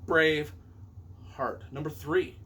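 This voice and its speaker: A man's voice: a little high, level tone, measured pace, noisy background. A middle-aged man, a novelist and movie reviewer, rambling enthusiastically and correcting himself as he counts down his favorite films on camera.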